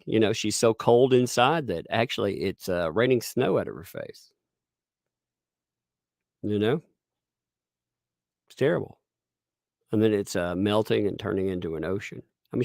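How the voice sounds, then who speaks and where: A man rambles through sarcastic live-stream commentary, often laughing at his own jokes. His lively pitch jumps around and his voice has a gravelly rasp. The recording is close and dry. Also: moderate pace, pauses often, no room sound. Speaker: livestream commentator.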